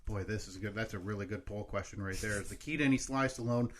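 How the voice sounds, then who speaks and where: A man's voice: fairly low pitch, fast. A man co-hosting a podcast in casual chat, joking and laughing often. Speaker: podcast co-host.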